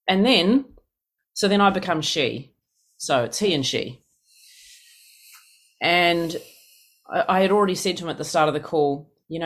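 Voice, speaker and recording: Here a weary, yawning speaker in their fifties, New Zealand-accented, recounts a personal story at a recovery meeting. The voice is mid-range and a bit bright at a normal pace, and the telling is casual, blunt and exasperated.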